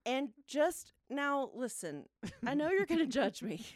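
A woman in her thirties co-hosting a podcast, telling a story in a lively way, often laughing and acting out what people said. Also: sits high, measured pace, no echo, clean studio sound. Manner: animated, laughing often, acts out quotes. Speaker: podcast co-host. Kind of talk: casual storytelling chat.

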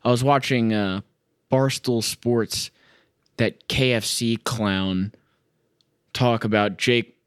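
Speaking slowly with frequent pauses, a young sports podcast host fumes alone over a game he's watching at home, sarcastic and cursing in frustration. His medium-pitched voice is steady and smooth, recorded clean in a studio with no echo.

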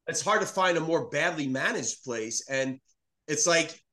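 A man's voice: fairly high pitch, animated, measured pace, pushed and bright. A man from New York City, a guest on a podcast, talking bluntly and animatedly about politics, with plenty of swearing. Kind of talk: casual political chat.

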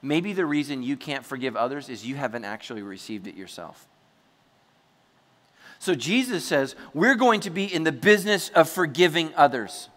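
A man preaching a sermon to his congregation, chatty and joking, acting out quick asides as he goes. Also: on the high side, sing-song, a bit bright. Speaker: pastor. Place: church hall before a congregation. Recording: large hall with long reverb.

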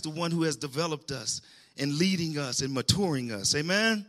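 A man's voice: a little high, expressive, moderate pace, a bit bright. A man preaching a sermon, calling out to the congregation and rising into emphatic bursts.

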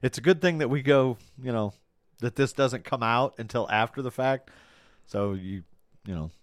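Podcast man, casual football talk, dry close sound, animated and swearing. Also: mid-range voice, normal speed, dry recording. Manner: animated, swears, quotes movie lines. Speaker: podcast co-host. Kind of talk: casual sports chat.

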